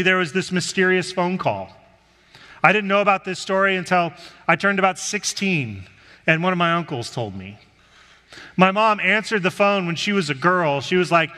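Male pastor, storytelling sermon delivery, high bright tone, lingering reverb of a church sanctuary. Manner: conversational storytelling.

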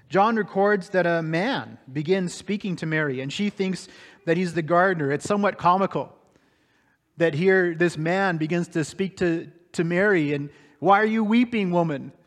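High-voiced man preaching in a reverberant hall. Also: moderate pace. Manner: dramatic storytelling, swinging between hushed and raised. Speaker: pastor. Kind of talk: sermon.

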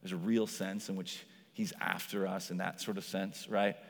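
A man preaching a sermon as pastor, in a conversational style full of "like", acting out quoted voices with lively shifts. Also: low voice, moderate pace, gravelly. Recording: long hall reverb.

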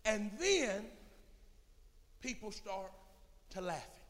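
A middle-aged pastor preaches with a high-pitched voice that rings through a long, echoing church hall. He drops to near whispers, then builds to loud, impassioned shouts. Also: sing-song, slow pace. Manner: impassioned preaching, swinging from low murmurs to shouts. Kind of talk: sermon. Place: church sanctuary.

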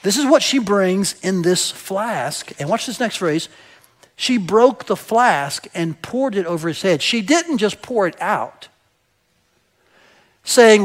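A man's voice: sits high, animated, slow. A man preaching a sermon as pastor, speaking conversationally to his church and often checking in with the congregation. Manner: conversational, asks the congregation "right?"; explains with everyday examples and some hesitations.

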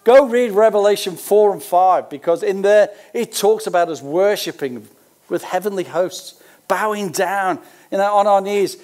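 High-voiced older Australian pastor preaching. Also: male voice, normal speed, darkish tone. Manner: conversational, with folksy asides between scripture readings. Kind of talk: sermon.

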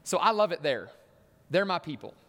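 A man's voice: fairly high pitch, sing-song, normal speed, a bit bright, in a large hall. A man preaching a sermon in a church, telling stories and acting out voices with punchy emphasis.

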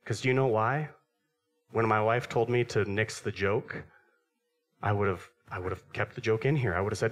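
A male pastor preaching a sermon to his church, swinging between animated, raised passages and hushed, quiet ones. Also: medium pitch, normal speed.

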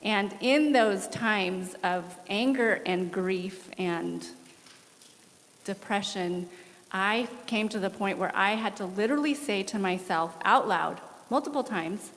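A woman in her forties, a missionary guest, giving an earnest and animated testimony with laughs during a church service. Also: medium pitch, slow. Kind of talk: candid testimony in an interview. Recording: long hall reverb.

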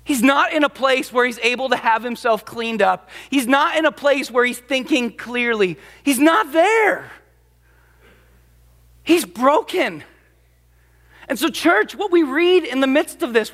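A man's voice: extremely high pitch, expressive, measured pace, fairly bright tone. A man preaching a sermon as pastor, emphatic and dramatic, acting out the quotes he cites. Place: church sanctuary. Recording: long reverb of a large hall.

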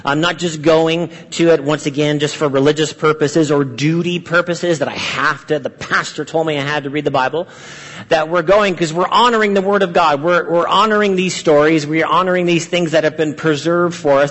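A man's voice: fairly high pitch, normal speed, fairly bright tone, long reverb tail, low-quality recording. A man preaching a sermon as pastor, earnest and repetitive, posing many rhetorical questions.

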